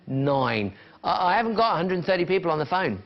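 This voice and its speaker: Chatty shopping-channel seller. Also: male voice, a little high, very animated, a little fast. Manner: chatty, upbeat, counting down prices. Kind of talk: live TV sales pitch. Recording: dull lo-fi broadcast sound with music behind.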